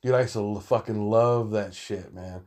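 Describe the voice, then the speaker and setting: A man in his thirties with a twang, spinning a loose, profanity-laden tale. He rambles and restarts, swears freely, and breaks into laughter as he goes. He sounds relaxed and talkative. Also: fairly low pitch, normal speed. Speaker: storyteller. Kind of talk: casual storytelling monologue.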